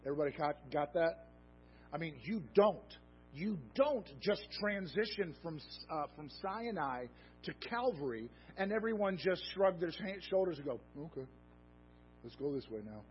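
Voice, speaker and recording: A man preaching a sermon, animated and conversational, swinging from emphatic peaks to low, soft asides. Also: moderate pace. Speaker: pastor. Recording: dull lo-fi sound with faint music.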